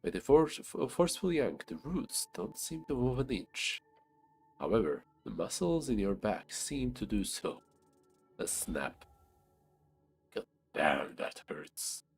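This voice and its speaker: A young man narrating a fantasy game aloud as a streamer, with unhurried, descriptive storytelling. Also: mid-range voice, big pitch swings, a little mellow, breathy edge, soft background music.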